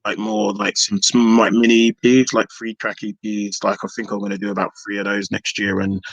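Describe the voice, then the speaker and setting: A man's voice: fairly low pitch, completely flat delivery, brisk, vocal fry, no room sound, muffled recording. Rambling man with a dry, close sound. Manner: rambling, many restarts and fillers. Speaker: hip hop artist. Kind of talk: casual podcast interview.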